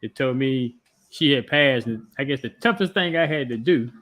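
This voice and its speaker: A man co-hosting a sports talk show in a middle-pitched voice. He speaks in a calm, measured way, often giving brief replies. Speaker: podcast co-host. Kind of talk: casual chat.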